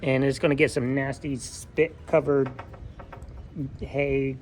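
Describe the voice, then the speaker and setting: A man's voice: mid-range voice, flat delivery, takes it slowly, a little hiss or hum. A farmer vlogging in a goat barn, chatting playfully and cooing baby talk at his goats. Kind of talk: casual vlog chat with farm animals.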